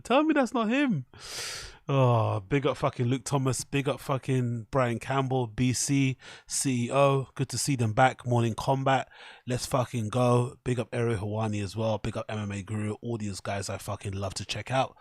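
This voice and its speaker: A man's voice: medium pitch, fairly even intonation, fairly quick, no echo, studio quality. A man hosting a stream, loosely reacting to clips and reading a news story aloud, swearing often. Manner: loose and profane, riffing on clips. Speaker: streamer host. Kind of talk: casual stream commentary.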